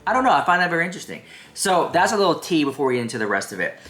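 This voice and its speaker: A man's voice: on the high side, big pitch swings, very fast, a bit bright, reverberant. A man hosting a drama commentary show, reacting to a clip in a sassy, chatty way and talking straight to his viewers.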